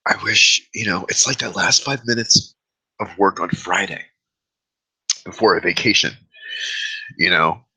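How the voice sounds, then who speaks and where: A man's voice: low-pitched, unhurried, long pauses, bright, forceful tone, breathy edge, poor audio. A man hosting his own vlog, talking candidly and at length about his fears into his own camera. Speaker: vlog host. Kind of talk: confessional vlog monologue. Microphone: own camera mic, self-recorded.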